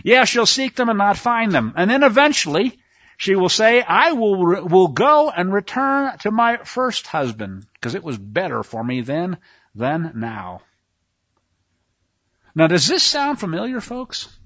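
A man preaching a sermon, reading scripture aloud and commenting with sarcastic asides, swinging between hushed passages and shouts. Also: high-pitched, very animated, measured pace, dry recording, lo-fi sound.

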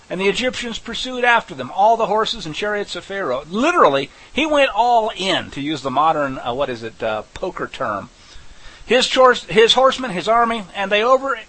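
A man teaching scripture verse by verse, animated and conversational with folksy asides. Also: high-pitched, low-quality recording. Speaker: Bible teacher.

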